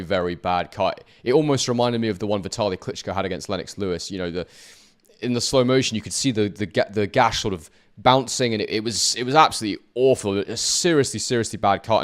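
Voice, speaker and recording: A man giving measured, explanatory analysis of a boxing fight as a guest. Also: on the low side.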